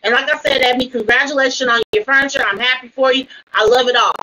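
Woman, livestream host, confrontational, cursing, high voice. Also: steady tone, fast talker, pushed and bright, slight background noise, rough recording. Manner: confrontational, swearing, repeating demands. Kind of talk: heated livestream argument.

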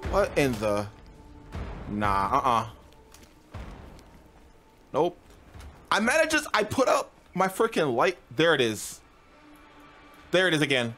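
Speaking slowly with long pauses, a young man streams a game in casual, slangy commentary, jumping, yelping, and laughing at the scares. His slightly high, somewhat bright voice swings hugely in pitch, and game music plays behind.

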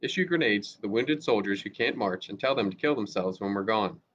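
A man's voice: on the low side, lively intonation, a little fast, fairly bright tone, slight background noise. A man voicing a harsh, fanatical army lieutenant who barks orders, in a dull lo-fi storybook reading. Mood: commanding. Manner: barking orders. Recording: dull lo-fi recording.

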